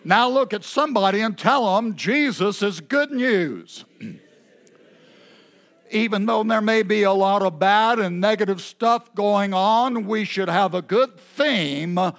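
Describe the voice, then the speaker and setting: A man preaching a sermon at an evening church service, halting often with filler pauses. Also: high voice, a bit bright. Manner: unhurried, halting delivery with many filler pauses. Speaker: pastor.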